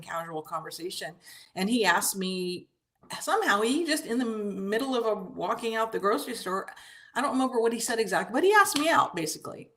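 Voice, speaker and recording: A woman's voice: mid-range voice, fairly bright tone. A woman in casual conversation, speaking reflectively and hesitantly, often restarting her sentences.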